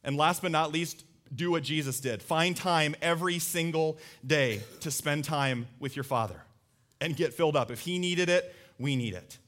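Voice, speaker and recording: A man in his thirties preaching a sermon to a live congregation in a church, telling stories with lively energy and acting out a child's voice. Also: moderate pace. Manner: animated storytelling, voicing his child in high squeals. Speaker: pastor.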